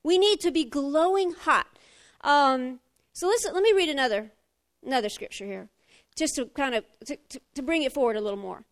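High-voiced, animated woman preacher. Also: a little fast. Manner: animated, rising to emphatic fire then dropping low. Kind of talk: sermon.

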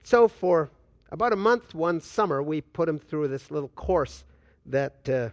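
An older man preaching a sermon as a pastor, swinging between loud and hushed delivery and acting out quoted dialogue. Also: fairly high pitch, animated, measured pace, no echo, muffled recording. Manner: acts out dialogue with God in quoted voices.

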